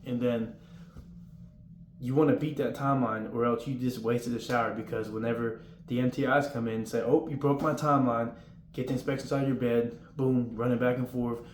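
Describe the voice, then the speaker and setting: A man's voice: mid-range voice, little pitch movement, fairly quick. Casual young man, roomy echo. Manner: rambling, informal, acts out drill yelling. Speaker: former basic trainee giving advice. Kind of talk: casual advice vlog. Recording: roomy with faint room noise.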